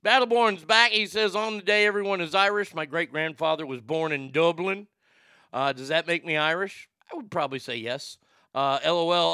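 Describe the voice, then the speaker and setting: Host type, male, crisp bright voice, loose chatty read of chat lines, dry booth sound. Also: a little high, no room sound. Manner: animated, reads chat messages aloud with loud bursts. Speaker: livestream host reading chat. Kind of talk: casual chat.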